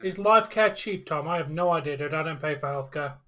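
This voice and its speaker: Dry quippy guy on a reaction stream, high bright voice. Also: fairly quick. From outside the United States. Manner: short dry retorts. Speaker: co-host of wrestling reaction stream. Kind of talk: casual live-stream chat.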